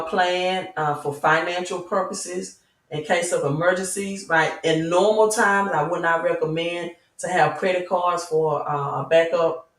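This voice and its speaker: A Southern-accented woman hosts a livestream and talks at viewers in an emphatic, preachy way, with rhetorical questions like "right?" throughout. She sits back from the mic. Her voice rings in a roomy, echoing space. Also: lowish voice. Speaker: crypto channel host. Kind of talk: livestream talk reading chat. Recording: roomy echo, mic at a distance.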